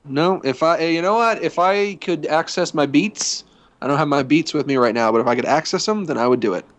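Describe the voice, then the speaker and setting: A young man co-hosting a casual podcast, reading listener emails in a blunt, halting way with casual swearing. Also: a little high. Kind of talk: casual chat.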